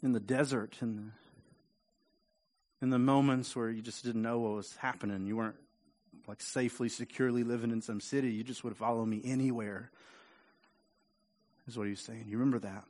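A man preaching a sermon in a conversational way, often repeating words and rising louder for emphasis. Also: medium pitch, fairly even intonation, a little fast, pauses often. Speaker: pastor.

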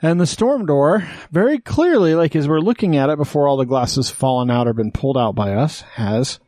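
A man co-hosting a podcast, telling a story in casual chat, animated and swearing freely. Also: a little high, brisk, dry recording. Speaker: podcast co-host.

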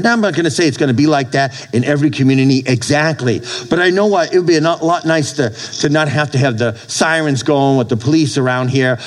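A man's voice: a little high, poor audio. A man preaching a sermon as pastor, emphatic, repeating his phrases and calling for amens from the congregation.

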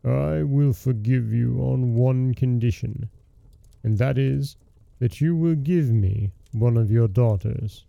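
A man voicing a furious monstrous beast in a storybook reading, slow and menacing. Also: medium pitch, gravelly, dry recording, highs cut off. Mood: stern.

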